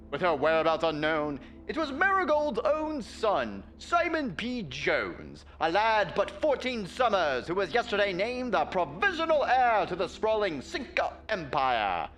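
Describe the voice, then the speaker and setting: A man's voice: high-pitched, huge pitch swings, measured pace, fairly bright tone, faint music behind, voice pushed up, exaggerated voice. A man doing an old-timey male newsreader voice, reading a newspaper article aloud in a grand, sing-song period manner. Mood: theatrical. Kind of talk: dramatic reading.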